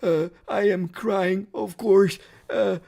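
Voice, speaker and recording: A man with an Italian accent impersonating a gravelly, croaky football coach who whines and hesitates with drawn-out "eh"s. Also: high-pitched, fairly even intonation, warm tone, voice pushed up, exaggerated voice. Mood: whiny lament. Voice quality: gravelly, croaky like a heavy smoker. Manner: whiny, hesitant, full of drawn-out "eh"s.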